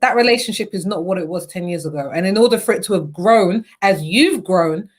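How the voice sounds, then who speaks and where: A woman's voice: fairly low pitch, brisk. A young adult woman from the UK chatting casually and animatedly as a podcast guest. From United Kingdom. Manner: animated, acts out quoted thoughts. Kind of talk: casual chat.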